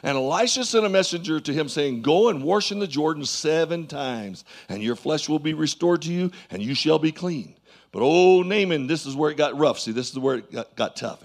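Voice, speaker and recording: Animated preaching man, high lively voice. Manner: animated preaching, swings between loud calls and low asides; calls for amens from the congregation. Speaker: pastor. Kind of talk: sermon. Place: church.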